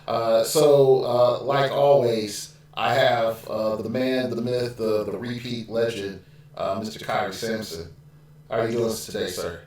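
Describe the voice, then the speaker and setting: A man hosting a casual gaming podcast, loose and chatty, with plenty of fillers. His voice sits at an ordinary middle pitch. It comes through a glitched recording that sounds robotic and is drenched in echo. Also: fairly even intonation, unhurried, darkish tone. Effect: glitchy robotic-sounding audio. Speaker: podcast host.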